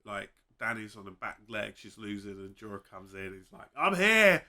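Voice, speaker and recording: A man's voice: fairly low pitch, flat delivery, normal speed, bright, forceful tone. A man co-hosting a laid-back, chatty discussion, with some hesitations and playful impressions. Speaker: podcast co-host. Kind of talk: casual chat.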